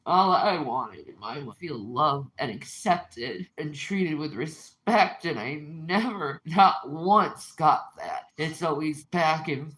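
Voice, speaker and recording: A woman's voice: low voice, lively intonation, slow, few pauses, fairly bright tone. A woman in a heated personal rant at her partner, upset, bitter and accusing, repeating herself.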